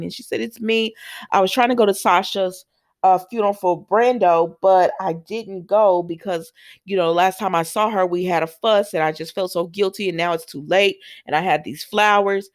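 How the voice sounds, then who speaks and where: A woman recapping a soap opera episode in a casual, chatty way, often saying "um" and "you know" and bouncing her voice up high for the characters' lines. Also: normal speed. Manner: chatty retelling, acts out quotes with big pitch jumps; says "um" and "you know" a lot. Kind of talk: casual chat.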